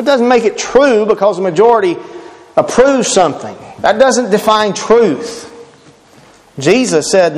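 A man's voice: high voice, in a large hall. A man preaching a sermon, emphatic and quoting scripture, repeating key words for stress.

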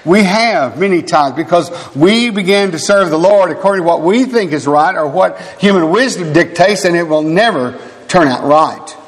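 Man in his sixties, preacher, sermon, emphatic, animated, somewhat high voice, long hall reverb. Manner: animated, emphatic, with asides and quick laughs.

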